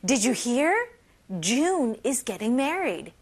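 A woman's voice: sits high, big pitch swings, slow. A young woman teaching an English lesson, explaining phrases and switching between English and Korean. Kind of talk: bilingual language lesson.

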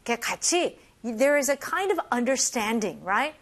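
A young woman teaching English phrases and switching between two languages, modeling each phrase slowly and clearly in a cheerful way. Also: a little high, sing-song. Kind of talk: bilingual English lesson.

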